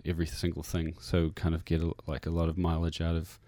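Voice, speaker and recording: In a casual interview chat recorded on a radio studio mic, a New Zealand-accented musician guest rambles with many fillers and restarts. His low, warm voice is delivered completely flat and fast, with no echo.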